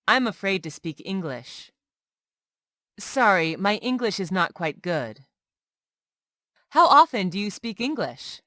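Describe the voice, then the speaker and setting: A woman reading short everyday English phrases aloud one by one, clearly and carefully, as a language lesson. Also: mid-range voice, fairly bright tone, dry recording, clean studio sound. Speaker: English teacher.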